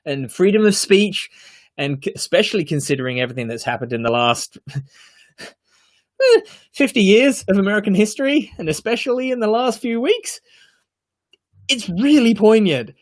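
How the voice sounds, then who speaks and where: A man's voice: high-pitched, very animated, moderate pace, long pauses. Earnest man reviewing a show. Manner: earnest, emphatic, many fillers and restarts. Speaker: podcast co-host reviewing a TV series. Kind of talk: casual review chat.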